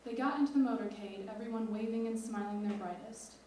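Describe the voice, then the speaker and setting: Set well back from the microphone in a spacious, reverberant hall, a teenage girl who writes as a student reads her lyric essay aloud, faint noise audible behind her. Her voice is on the high side yet mellow and dark-toned, and her reading is measured and expressive.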